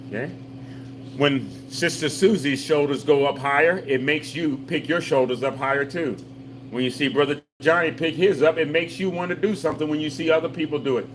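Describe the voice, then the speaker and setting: With a medium-pitched, fairly bright voice, a man runs a live seniors' exercise class, coaching patiently through repetitive step-by-step and call-and-response cues and cracking folksy jokes. The low-quality recording carries slight background noise.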